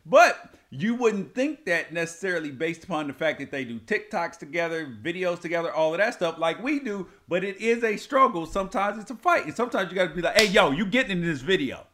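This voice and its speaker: A man co-hosting a casual couple's chat show, telling stories in an animated, joking way. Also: sits high, brisk, hardly any pauses. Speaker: podcast co-host.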